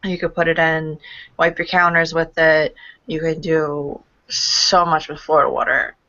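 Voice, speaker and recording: A woman's voice: deep voice, little pitch movement, unhurried, bright, forceful tone. A woman co-hosting a casual chat, giving practical tips and laughing easily. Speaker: podcast co-host. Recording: dull lo-fi home recording.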